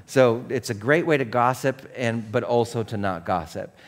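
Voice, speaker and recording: A man's voice: mid-range voice, moderate pace. A man in his forties preaching a sermon, telling a self-mocking personal story full of fillers and restarts before turning to the scripture. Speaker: pastor. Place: church stage.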